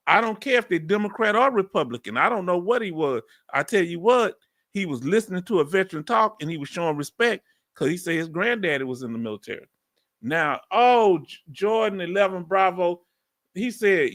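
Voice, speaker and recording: A middle-aged man with a strong Southern accent from Texas, loudly and folksily chatting live with his viewers as host. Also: high voice, expressive, brisk. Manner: loud and folksy, reads out viewer comments. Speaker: livestream host. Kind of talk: casual live chat with viewers.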